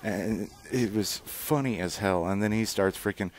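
A man's voice: lowish voice, measured pace, few pauses, a little hiss or hum. A man casually commenting over gameplay footage, rambling and swearing freely, with lots of fillers and restarts. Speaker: gaming channel host.

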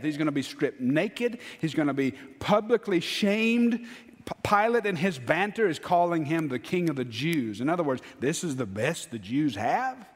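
Male pastor, fairly high voice, preaching in a church with long reverb. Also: animated, moderate pace. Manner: earnest preaching, swinging between hushed low lines and raised emphatic ones. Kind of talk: sermon. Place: church sanctuary.

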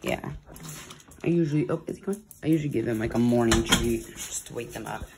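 A woman's voice: a bass voice, fast, creaky, very noisy. A woman vlogging casually, chatting and coaxing her dogs at home and then out on a walk. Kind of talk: casual vlog chat.

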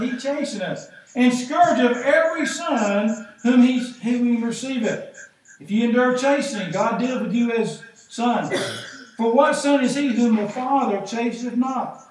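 A middle-aged man, preaching a sermon as pastor in a folksy, animated way, acting out the voices he quotes. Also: very high-pitched. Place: church sanctuary. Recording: echoey church from far off, faint noise.

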